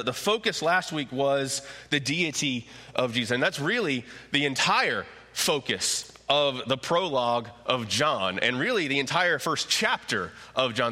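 Pastor guy preaching slow n bright, big echoey church hall. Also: mid-range voice. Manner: emphatic, repetitive preaching cadence. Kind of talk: sermon. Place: church sanctuary.

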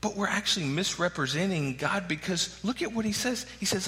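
A man in his forties preaches a sermon in a casual, conversational way, checking in with the congregation as he goes. His voice is bright and lively, rising and falling a lot, and it rings out with a long reverb through the sanctuary. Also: high-pitched, fairly quick, hardly any pauses. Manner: conversational preaching with frequent "right?" asides. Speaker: pastor.

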